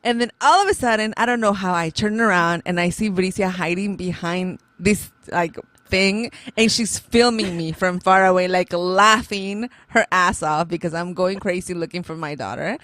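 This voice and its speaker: A woman in her thirties co-hosting a podcast, telling a story in lively casual chat and laughing often. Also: on the low side, moderate pace, few pauses, dry recording. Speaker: podcast co-host.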